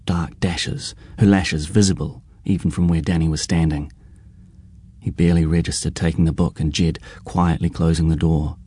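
A man reading a novel aloud in a measured, even storytelling voice. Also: low voice, breathy edge, no echo. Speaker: audiobook narrator. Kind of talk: scripted narration.

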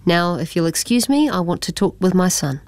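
A woman voicing a calm, dignified father who speaks slowly and measuredly in a storybook. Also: lowish voice, no echo, natural voice. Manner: slow and measured.

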